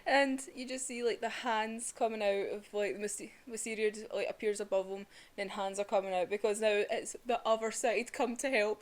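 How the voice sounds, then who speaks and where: A young woman chatting casually about a manga chapter, excitable and swearing freely. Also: medium pitch, brisk, hardly any pauses. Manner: excitable, swearing, laughs often. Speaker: manga reviewer. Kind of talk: casual chat.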